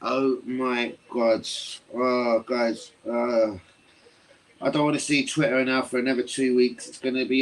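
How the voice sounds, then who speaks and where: A man's voice: mid-range voice, little pitch movement, measured pace. A man hosting a live fan reaction stream, stunned and swearing as he rambles to his viewers. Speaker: fan livestream host.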